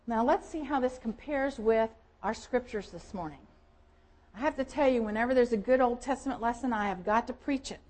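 A woman's voice: a little high, fairly quick, rough recording. A woman pastor with a Southern American accent preaching a sermon, telling Bible stories vividly and acting out quoted voices. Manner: storytelling, lively, acts out quoted voices.

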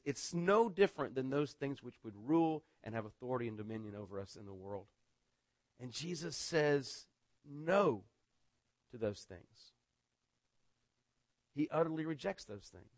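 Conversational pastor with a fairly high voice. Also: male voice, no echo. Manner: conversational, repeats words, often asks "right?". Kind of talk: sermon.

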